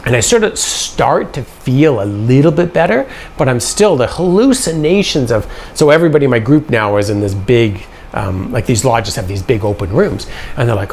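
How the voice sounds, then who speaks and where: Man, business owner type, gravelly voice, lively swinging pitch, casual anecdote with acted-out dialogue, faint noise behind. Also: moderate pace, hardly any pauses. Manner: animated, acts out quoted dialogue. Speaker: business owner telling a personal story. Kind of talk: casual storytelling.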